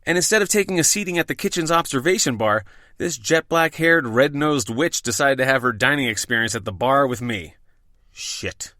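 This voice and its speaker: A bartender-host tells his own story with wry profanity and deliberate pauses. His voice is bright and mid-pitched. It is recorded close and dry, with no room sound. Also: expressive, no room sound. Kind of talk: storytelling narration.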